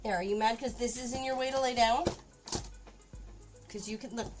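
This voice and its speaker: A woman's voice: on the high side, normal speed, long pauses, music in the background. A woman streamer chatting casually while crafting at home, often cooing at her cat. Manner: chatty, talks baby-talk to her cat. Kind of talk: casual livestream chat.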